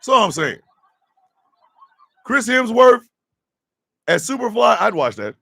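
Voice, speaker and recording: Lively gravelly man riffing on radio. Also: sits high, takes it slowly, dry recording. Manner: loud, laughing, slangy, shouting outbursts. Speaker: radio morning show host. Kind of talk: riffing comedic radio talk. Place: radio studio.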